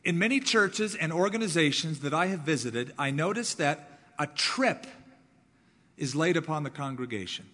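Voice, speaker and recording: A man preaching a sermon as pastor, driving points home with repeated words and swings between loud and soft. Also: a little high, animated, normal speed, in a large hall.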